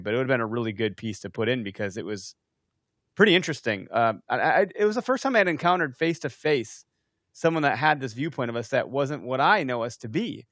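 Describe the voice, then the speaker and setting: Brief: quick-talking male podcast host, mid-pitched, easygoing storyteller, dry close sound. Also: expressive, fairly bright tone, no echo. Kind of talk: casual podcast conversation.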